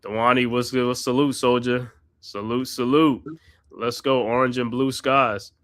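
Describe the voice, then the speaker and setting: A man's voice: medium pitch, fairly even intonation, measured pace, a bit bright, no echo, studio quality. A man hosting a live watch-party podcast, doing casual play-by-play with slangy chat and laughs. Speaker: podcast host calling the game.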